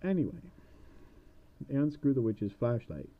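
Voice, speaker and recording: A man's voice: medium pitch, very animated, normal speed. A man retelling a fairy tale casually, rambling with sarcastic asides, on a dull lo-fi recording. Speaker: storyteller.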